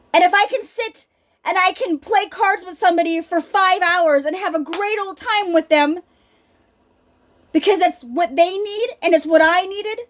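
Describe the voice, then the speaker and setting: A middle-aged woman giving an earnest, emphatic personal faith talk, speaking straight to her listeners. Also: very high-pitched. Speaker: healing ministry speaker.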